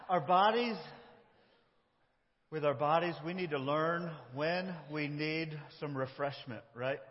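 Male pastor, sermon, slightly high voice, long hall reverb, dull sound. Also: slow. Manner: conversational, with shifts between loud and soft delivery.

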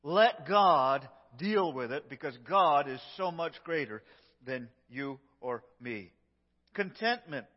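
High-voiced pastor preaching in a hall. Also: male voice. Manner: emphatic preaching with swings between loud and hushed. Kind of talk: sermon. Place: church sanctuary. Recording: lo-fi echoey church recording.

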